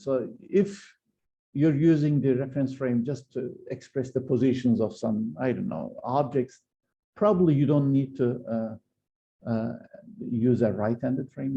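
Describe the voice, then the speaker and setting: A man lecturing on physics in a very dark, gravelly voice. He explains patiently, pausing often and restarting his sentences. The recording sounds a bit dull and lo-fi. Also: medium pitch. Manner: hesitant, many fillers and restarts while explaining. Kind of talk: university lecture.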